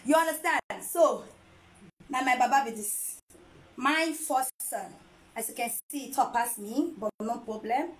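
A woman's voice: high voice, a little slow, rough recording. A woman chatting casually to camera as a vlogger, playful and teasing, laughing often. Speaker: vlogger and mother.

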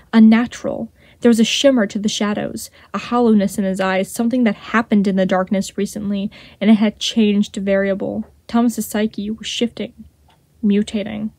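Woman reading fanfic aloud, mellow tone, dry close sound. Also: mid-range voice, dry recording. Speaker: podfic reader. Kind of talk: fan fiction audiobook narration.

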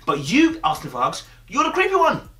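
Chatty streetwise man, bright echoey sound. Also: extremely high pitch, huge pitch swings, a little fast. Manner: chatty, streetwise slang, frequent "you understand?". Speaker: host. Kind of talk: casual monologue to camera.

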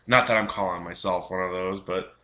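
A man's voice: low voice, fairly even intonation, fairly quick, bright, forceful tone, a little hiss or hum. A young man giving a casual, rambling film review, full of fillers and restarts.

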